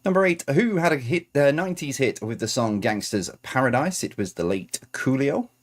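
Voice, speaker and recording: A man's voice: mid-range voice, expressive, moderate pace. A man reading out quiz answers as host, adding chatty, self-correcting asides.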